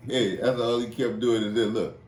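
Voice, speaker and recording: A man hosting a podcast, telling stories in an animated, profane, casual way and putting on high voices for the people in them. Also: normal speed. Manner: animated, profane storytelling with high-pitched impressions. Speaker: podcast host. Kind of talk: casual storytelling chat. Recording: roomy echo, faint noise.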